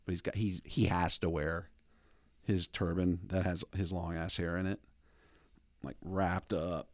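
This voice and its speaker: Deep-voiced man rambling on a podcast. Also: unhurried, no room sound. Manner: rambling, animated storytelling. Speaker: podcast host. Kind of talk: casual opinion talk.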